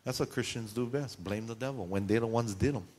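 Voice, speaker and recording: A man preaching a sermon to a congregation in a church, animated and full of rhetorical questions, sometimes acting out shouting voices. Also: mid-range voice, brisk, slight background noise. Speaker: pastor. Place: church sanctuary. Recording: long hall reverb in a church.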